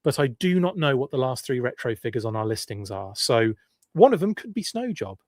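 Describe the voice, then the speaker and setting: A man's voice: medium pitch, big pitch swings, fairly quick, a little mellow, dry recording. English guy hosting a live stream, kinda posh, rambles and answers chat, dry close mic. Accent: well-spoken English. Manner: rambling and chatty, with frequent restarts and asides. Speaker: podcast host. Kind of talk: live-stream casual chat, reading viewer comments.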